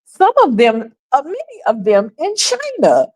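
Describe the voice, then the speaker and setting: A woman's voice: high-pitched, huge pitch swings, unhurried, a little mellow, husky. A woman hosting her own livestream, talking casually and emphatically straight to her viewers and repeating her points. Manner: chatty and emphatic, addresses viewers directly, repeats points, breaks into laughs. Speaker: host of her own talk stream.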